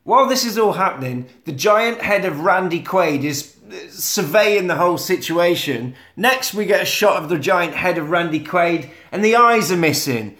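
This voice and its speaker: A man with a high voice tells a film plot in a loose, profane way, jumping into the characters' lines as he goes. He sounds like he is in an echoey room. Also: moderate pace, hardly any pauses. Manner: swearing, animated storytelling, acting out quotes. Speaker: podcast co-host. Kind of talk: casual film recap chat.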